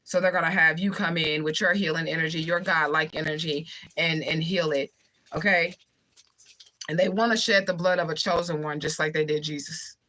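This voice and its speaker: Blunt young woman on a livestream, talks super fast, bright sharp voice. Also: low voice, steady tone, low-quality recording. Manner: talks fast, blunt and profane, reads out comments. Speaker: livestream host reading viewer comments. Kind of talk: fast casual livestream talk.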